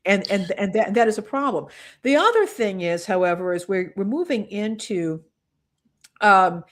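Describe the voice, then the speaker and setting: A woman's voice: medium pitch, expressive, moderate pace. A woman from the United States speaks in a mid-range voice as a podcast co-host. Her delivery is casual and earnest, impassioned about her point, and full of restarts as she works through her thoughts aloud. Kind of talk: casual political commentary.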